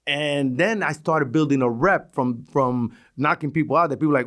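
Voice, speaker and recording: A middle-aged man from Brooklyn with a New York accent, telling stories as a podcast guest, animated and full of restarts. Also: fairly high pitch, moderate pace. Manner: animated, restarts a lot, acts out quotes. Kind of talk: casual storytelling interview.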